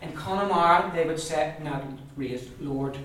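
In a classroom pronunciation lesson, an Ulster-accented man models sounds with care and has his students drill words aloud. His voice is on the high side, a bit bright, and measured in pace. The recording comes from an echoey room with a distant mic and faint noise.

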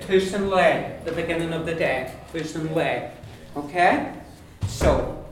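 An Irish man teaching an Irish language class, explaining pronunciation and repeating words slowly for his students. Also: on the high side. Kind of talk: classroom lesson. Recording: echoey classroom from far off, noisy.

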